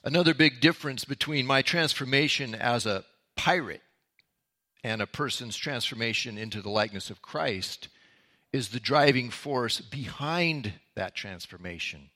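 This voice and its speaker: A man's voice: mid-range voice, expressive, moderate pace, bright, forceful tone. A man, a pastor, giving a conversational Bible teaching that opens with a story from his own life. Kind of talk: sermon-style Bible teaching.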